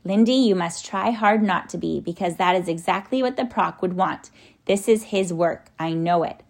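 A woman voicing a calm, grave old male professor in a measured way. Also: on the low side, gravelly. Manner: measured and grim.

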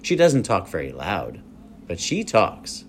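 A man's voice: low-pitched, huge pitch swings, slow pace, a little hiss or hum, heavily acted. A man reading aloud and voicing an imaginative young farm girl, earnest and eager as she tells her tales.

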